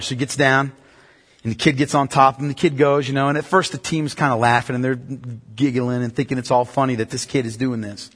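Husky-voiced preacher in a reverberant hall. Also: male voice, mid-range voice, fairly even intonation, fast. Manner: storytelling, rising to impassioned near-shouting. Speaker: pastor. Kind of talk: sermon.

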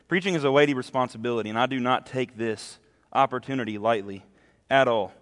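A man's voice: medium pitch, a little fast, fairly bright tone. A young man giving his first sermon to his home church, earnest and a little nervous, often asking the congregation "right?". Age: young adult. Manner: earnest, nervous first-time preacher with frequent "right?" tags. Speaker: preacher. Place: church sanctuary. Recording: church with long reverb.

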